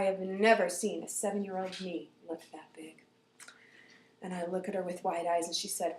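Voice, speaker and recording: A woman telling a personal story aloud in an animated way, dropping to whispers and rising to loud outbursts. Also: medium pitch, moderate pace, roomy sound, a little hiss or hum.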